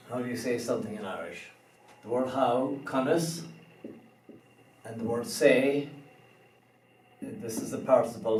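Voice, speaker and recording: A man teaching a beginner language lesson, slow and careful, spelling out words letter by letter. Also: medium pitch, darkish tone, slight background noise. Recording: roomy echo, somewhat far from the mic.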